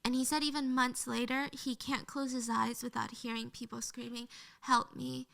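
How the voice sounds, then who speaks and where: Woman, higher pitch, bright tone, earnest storytelling narration. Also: level tone, normal speed, creaky. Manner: earnest, emotional retelling. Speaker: true crime storyteller.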